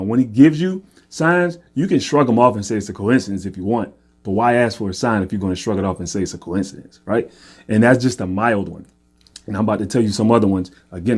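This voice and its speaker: A man's voice: lowish voice, mellow. A man casually telling a personal faith story, earnest and often repeating himself, checking in with "right?". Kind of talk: casual testimony monologue.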